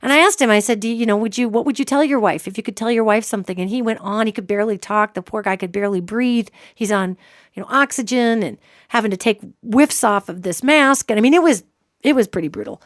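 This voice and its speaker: A woman hosts a psychic radio show, telling a long story straight to her listeners. Her voice sits fairly high and sounds close and dry. She talks with emphasis and keeps checking in with the audience as she goes. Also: fast talker, no echo.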